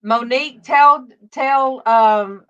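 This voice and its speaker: A woman's voice: sits high, slow pace, a bit bright, muffled recording. A middle-aged woman hosting a casual livestream chat, reading viewer comments aloud and talking with her daughter. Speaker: host.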